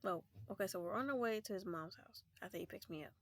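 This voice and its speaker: A teenage girl tells stories to her camera in a casual, animated way. She laughs often and shouts out the lines of her friends. Her voice sits at an ordinary pitch, and the sound is close and dry. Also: fast talker, no room sound. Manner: animated, laughing, quotes friends in loud bursts. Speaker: vlogger.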